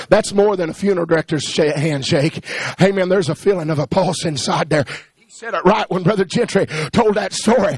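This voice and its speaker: A man preaching a sermon, swinging from hushed pleading to rising, shouted cadences. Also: high voice, brisk, few pauses, breathy edge, dry recording.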